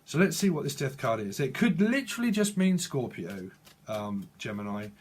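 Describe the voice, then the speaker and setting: A man giving a channeled psychic tarot reading, halting and restarting often as he speaks to the viewer. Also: mid-range voice, sing-song, husky. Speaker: tarot reader.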